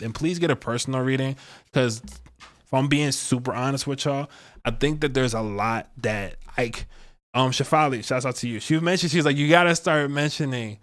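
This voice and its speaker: Male astrologer, casual rambling delivery, mid voice. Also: medium pitch. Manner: rambling, slangy, chatty. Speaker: astrologer and tarot reader. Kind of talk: casual livestream reading.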